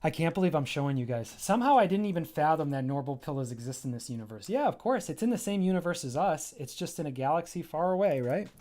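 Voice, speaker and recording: A man's voice: on the high side, animated, quick pace, few pauses, mellow. A man giving an enthusiastic, rambling walkthrough of his graphic novel on a casual livestream, often breaking off mid-thought. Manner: enthusiastic, rambling and self-interrupting.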